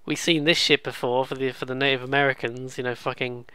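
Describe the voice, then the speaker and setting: A man's voice: medium pitch, little pitch movement, quick pace, pushed and bright, smooth, no room sound. A man hosting a let's play, giving casual, sarcastic, rambling gameplay commentary. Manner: sarcastic, swears freely, rambling.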